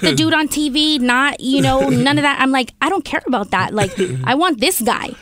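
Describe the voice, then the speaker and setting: A woman's voice: high-pitched, moderate pace, a bit bright, no room sound. A woman chatting on a podcast, telling candid stories with lots of laughter and swearing. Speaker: guest, partner and manager. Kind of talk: casual podcast chat.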